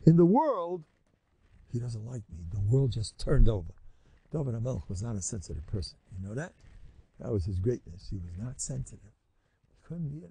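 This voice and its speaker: Gravelly, animated older rabbi lecturing. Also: male voice, no echo. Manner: animated, jumps high in pitch when mimicking.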